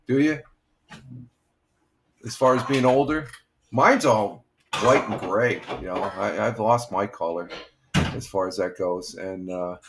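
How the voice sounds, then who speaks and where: An older man hosting a casual morning live stream, talking in a halting, rambling way and reading out viewers' comments. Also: on the low side, a little hiss or hum. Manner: rambling, halting, reads chat comments aloud. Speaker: livestream host.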